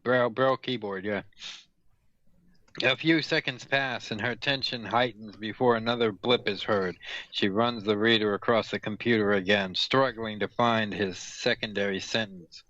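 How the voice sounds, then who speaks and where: A man's voice: fairly low pitch, fairly even intonation, normal speed, pushed and bright, dry recording. A man reading fan fiction aloud for laughs, stumbling over words and correcting himself. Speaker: reader and host. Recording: dull lo-fi audio, dry room.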